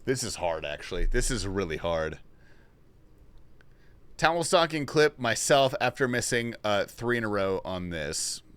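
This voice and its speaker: Casual male streamer, bright tone, slow drawl, thinks out loud, curses when stuck. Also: lowish voice, very animated, clean tone. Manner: thinks aloud, swears when frustrated. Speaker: livestreamer. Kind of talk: casual livestream chat while playing a word puzzle.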